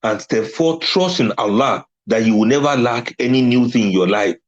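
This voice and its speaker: A man's voice: medium pitch, expressive, moderate pace, muffled recording. Man giving an emphatic religious talk. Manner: emphatic, laughs often at his own points. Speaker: Islamic speaker.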